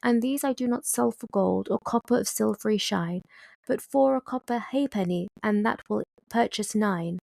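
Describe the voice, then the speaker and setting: A woman voicing an odd, rambling old man in a storybook poem, pitched above her own voice. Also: normal speed, creaky, darkish tone, no echo, studio quality, lightly acted.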